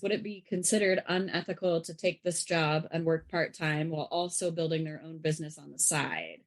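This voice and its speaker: Lower-pitched woman reading listener questions. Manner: chatty, slightly hesitant reader. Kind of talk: casual podcast chat, reading questions aloud.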